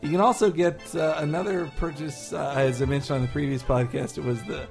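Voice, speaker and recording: Young male podcast host, slightly high voice, rambling, jokey banter, faint music bed. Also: fairly even intonation, a little fast, creaky. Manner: rambling, full of fillers and restarts, jokey. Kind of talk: casual chat.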